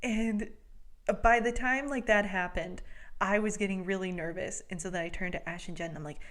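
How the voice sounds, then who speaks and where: A woman in her twenties co-hosting a podcast, telling con stories in casual chat with quick asides. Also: mid-range voice. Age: 20s. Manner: animated storytelling, quick asides. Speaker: podcast co-host.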